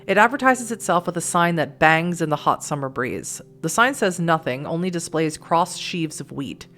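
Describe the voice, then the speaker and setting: A woman's voice: deep voice, expressive, fairly bright tone. Chatty laughing let's-play woman. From Massachusetts. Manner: chatty, laughs often, quick asides. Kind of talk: reading a text game aloud with commentary.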